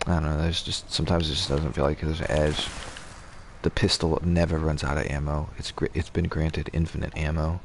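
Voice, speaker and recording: A man's voice: rumbling low, creaky, slight background noise. A man streaming a game, chatting casually and rambling, with swearing and restarts. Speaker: gaming streamer. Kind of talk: casual gaming chat.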